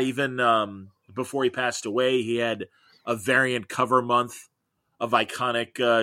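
A man's voice: mid-range voice, pushed and bright, dry recording. A middle-aged man, a comics podcaster, chatting as an interview guest and telling long, enthusiastic, rambling stories. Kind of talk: casual interview chat.

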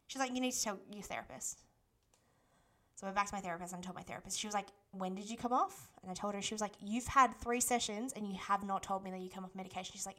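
A woman's voice: mid-range voice, fairly bright tone. A woman, telling a personal story as a podcast host and quoting what others said to her in a chatty way. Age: 20s.

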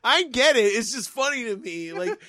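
A man's voice: extremely high pitch, big pitch swings, normal speed, pushed and bright, no echo. A man co-hosting a casual movie review chat, swearing freely and acting out the characters' lines. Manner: profane, laughing, acts out characters. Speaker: podcast co-host.

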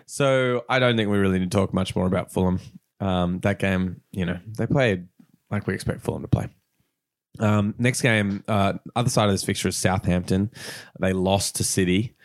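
A man hosting a casual football podcast, chatty and quick to laugh. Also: low voice, steady tone, no echo, clean studio sound. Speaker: podcast host.

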